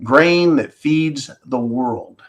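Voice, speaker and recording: A man hosts a live stream, delivering a ranting commentary monologue. He piles up rhetorical questions and keeps addressing his viewers as folks. His voice sits at an ordinary middle pitch. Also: drawn-out words.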